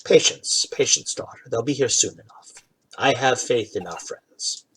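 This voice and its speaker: A man voicing an older patron, a calm father who speaks softly and reassuringly. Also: medium pitch, slightly rough. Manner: soft, reassuring, unhurried.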